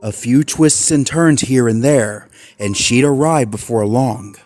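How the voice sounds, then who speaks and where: A man reading a horror fan story aloud in a measured, ominous way. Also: medium pitch, a little mellow. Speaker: narrator. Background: faint background music.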